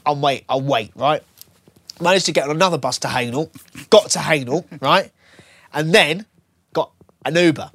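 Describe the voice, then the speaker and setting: A young man holds the mic on a radio chat show, spinning a long story and voicing everyone in it. His voice sits a little high and the studio sound is dry and close. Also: moderate pace, pauses often, dry recording. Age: 20s. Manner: animated storyteller acting out dialogue. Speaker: radio co-host. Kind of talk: casual radio chat, anecdote.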